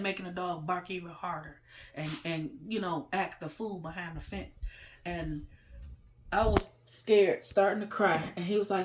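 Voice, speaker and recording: A woman's voice: lowish voice, steady tone, normal speed, a little hiss or hum. Woman, personal storytelling, raw, emotional, informal speech. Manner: raw and emotional, loud when reliving moments.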